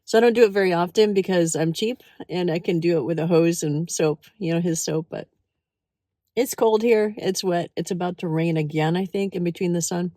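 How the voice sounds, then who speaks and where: Chatty woman vlogging, lowish voice. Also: brisk, dark tone, no room sound. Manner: chatty, cooing baby talk to her dog. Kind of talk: casual vlog chat.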